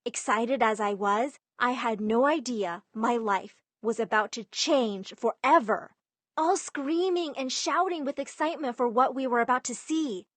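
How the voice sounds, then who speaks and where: A young woman narrating an animated story in a lively, emphatic way. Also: a little high, a little slow, no echo.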